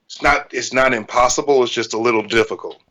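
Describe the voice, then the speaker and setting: A man's voice: medium pitch, quick pace, bright, forceful tone, poor audio. A man co-hosting a podcast who also wrestles, talking plainly in casual chat and explaining things.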